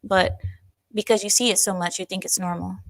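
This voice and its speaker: A woman hosting a livestream, chatting casually and reading out viewer comments in an animated, talkative way. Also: mid-range voice, fairly quick, no room sound. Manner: chatty, animated, breaks into silly voices and laughs. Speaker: livestream host.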